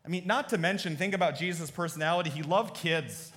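A man preaching a sermon as pastor, moving between hushed, earnest appeals and lively storytelling. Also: a little high, a little fast. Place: church sanctuary. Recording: long reverb of a large church hall.

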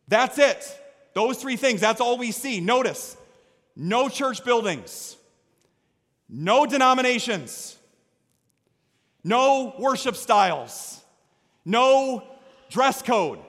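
A man preaching a sermon as pastor, energetic, swinging from quiet storytelling to loud exhortation. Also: extremely high pitch, slow, long pauses. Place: church sanctuary. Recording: long reverb of a church hall.

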